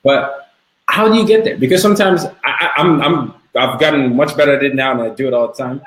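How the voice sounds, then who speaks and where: A man's voice: medium pitch, fast, fairly bright tone, roomy sound, low-quality recording. A man hosting a podcast interview, enthusiastic, often repeating words as he restarts his sentences. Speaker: podcast host.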